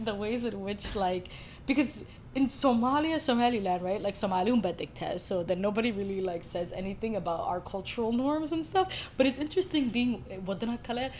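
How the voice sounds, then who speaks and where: A young woman, hosting a podcast and telling a story in a casual, rambling, animated way. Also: fairly low pitch, a little hiss or hum. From United States. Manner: rambling, animated, filler-heavy. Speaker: podcast host.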